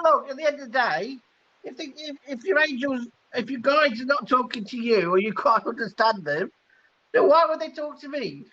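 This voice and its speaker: A man's voice: extremely high pitch, pushed and bright, breathy edge. A man giving live psychic readings in a chatty way, laughing between messages. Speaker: psychic reader. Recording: dull lo-fi stream audio.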